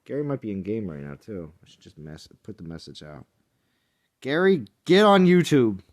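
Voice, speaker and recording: A man's voice: on the low side, wildly swooping pitch, normal speed, a little mellow. Chatty male game streamer. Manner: rambling, jokey, chatty with viewers. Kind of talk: casual live-stream chat.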